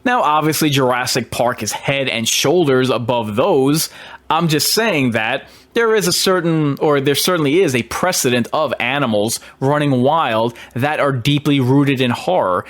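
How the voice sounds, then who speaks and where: A man's voice: medium pitch, animated, normal speed, a bit bright. A man, a horror host, talking through a film in an emphatic, argumentative monologue with hesitant restarts.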